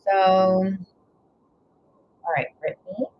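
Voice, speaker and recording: A woman's voice: medium pitch, fairly even intonation, takes it slowly. A woman giving a live tarot reading, rambling and gushing with frequent exclamations of wonder. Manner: rambling, exclaims 'whoa' and 'wow' often; gushing, emotional. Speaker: tarot reader. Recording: slightly dull lo-fi audio with faint noise.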